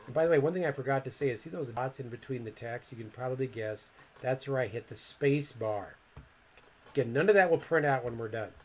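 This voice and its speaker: A man at a middle pitch walks through a software lesson one click at a time. He talks in a relaxed, thinking-aloud way, as if narrating his own screen for students. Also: brisk. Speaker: computer instructor. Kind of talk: screen-recorded software tutorial.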